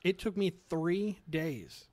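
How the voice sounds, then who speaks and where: A man's voice: high-pitched, animated, slow pace, a little mellow. A man from the US Northeast co-hosting a casual podcast, telling stories in an easygoing, agreeable way. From US Northeast, tri-state area. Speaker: podcast co-host. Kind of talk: casual chat.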